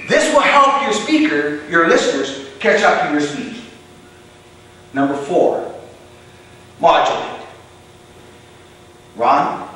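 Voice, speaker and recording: A man giving a motivational contest speech to a club, emphatic, with deliberate pauses and punched key words. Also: fairly high pitch, expressive, pushed and bright. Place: club meeting room. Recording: echoey room from far off, faint hiss.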